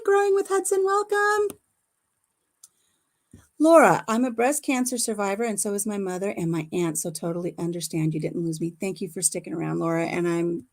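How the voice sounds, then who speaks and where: A woman's voice: on the low side, gravelly, darkish tone. Chatty woman hosting a livestream. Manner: chatty, laughs often, retells conversations. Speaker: livestream host. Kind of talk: casual chat. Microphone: phone.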